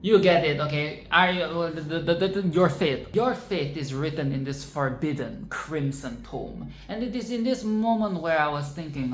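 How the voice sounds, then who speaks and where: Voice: mid-range voice, normal speed, few pauses. Rambling profane film reviewer, roomy echo. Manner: rambling, playful and profane, with sarcastic asides. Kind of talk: casual film reaction commentary. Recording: roomy echo with faint background noise.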